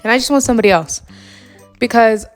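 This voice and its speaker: A young woman talks fast in a higher-pitched voice as she games at home late at night, soft music in the background. Her vlog story turns into a lengthy, exasperated rant that rambles and overflows with fillers.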